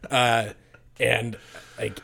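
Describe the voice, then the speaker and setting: Male co-host, casual storyteller, filler-heavy, profane, average pitch. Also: level tone, drawn-out words, creaky, bright, forceful tone. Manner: swears, acts out quoted voices; rambling, full of "like". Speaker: podcast co-host telling a story. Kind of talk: casual chat.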